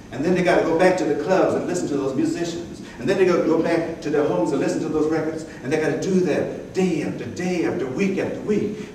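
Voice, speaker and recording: A man's voice: a little high, a little mellow, a little hiss or hum, voice pushed down, close to an everyday voice. A man voicing an eager, slang-talking bebop lover who preaches about jazz and scats its rhythms, in live storytelling. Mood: preaching. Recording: echoey room, distant mic.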